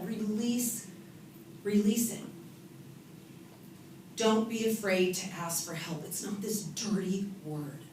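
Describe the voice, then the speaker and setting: A woman from California gives a humorous motivational talk to an audience, telling stories about herself with a lively, self-mocking manner. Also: fairly high pitch. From California, USA. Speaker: author and event speaker. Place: event hall with an audience. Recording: echoey room from a distant mic with noise.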